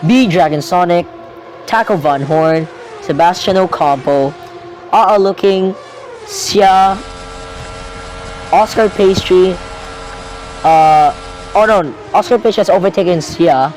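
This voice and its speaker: High-voiced young man calling a game race. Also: a little hiss or hum, rough recording. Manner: rambling, self-correcting, excitable at crashes. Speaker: race commentator. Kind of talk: live video game race commentary.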